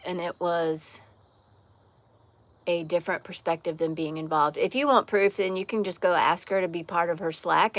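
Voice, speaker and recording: A woman with a slight Southern accent and a lowish voice hosts a casual livestream chat outdoors on a porch. She speaks frankly and answers viewer comments, often stopping to restart a sentence. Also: no room sound. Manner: candid, frank, with frequent restarts and trailing phrases. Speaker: livestream host.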